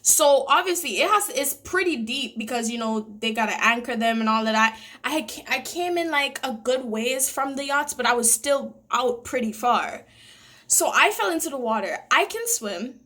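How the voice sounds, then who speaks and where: A young woman chats through a casual storytime, her voice sitting high and sounding crisp and bright. She tells it with drama, often breaking into laughter along the way. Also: normal speed. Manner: animated, dramatic retelling with laughs. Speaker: vlogger.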